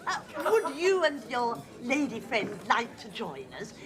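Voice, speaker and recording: An actress playing a refined, polite executive's wife in a studio sitcom, genteel and lightly flirtatious. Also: female voice, fairly high pitch, very animated, measured pace, crowd noise. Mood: gracious. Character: refined, gracious middle-aged executive's wife. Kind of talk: 1980s studio sitcom acting. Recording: sitcom taped before loud studio audience.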